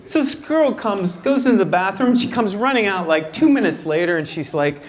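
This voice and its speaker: A man's voice: high voice, normal speed. A man doing a stand-up comedy set in a night club, acting out quotes with lots of energy. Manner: animated, acts out quotes. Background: laughing crowd.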